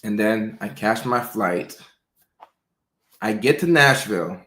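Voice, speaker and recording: A male doctor and show host telling casual personal stories, animated, slipping into playful voices for quotes. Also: on the low side, slow. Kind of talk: casual storytelling. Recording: roomy echo.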